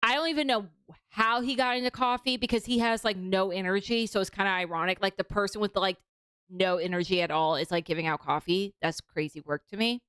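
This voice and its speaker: A woman's voice: mid-range voice, steady tone, fairly quick, fairly bright tone, smooth, no echo. A young woman streaming casual reaction commentary, talking in a chatty, mocking way with lots of fillers.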